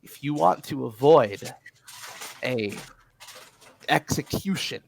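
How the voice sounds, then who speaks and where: A man voicing a stern male inspector who questions a prisoner in a measured, threatening way. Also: medium pitch, expressive, creaky, a little hiss or hum, low-quality recording.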